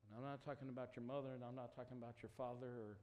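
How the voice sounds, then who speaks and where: A man delivers a sermon to young campers, moving between quiet, tender storytelling and loud, fervent calls. His voice sits at an average pitch. It carries a long reverb from a large hall on a low-quality recording. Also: flat delivery, rapid-fire. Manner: emotional, builds to loud passionate appeals. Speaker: youth camp speaker. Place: camp meeting hall with student audience. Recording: echoey hall, poor quality.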